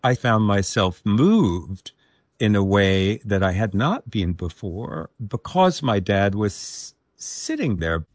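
A man guest telling a personal story in an animated way, acting out what others said. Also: lowish voice, slow pace, no echo, clean studio sound. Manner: storytelling, animated, acts out quotes. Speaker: interview guest. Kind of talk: personal anecdote.

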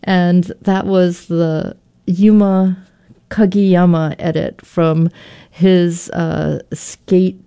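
A woman's voice: on the low side, dark tone. A woman hosting a public radio pledge drive in a studio, chatty and upbeat, with a few fillers as she gives the number.

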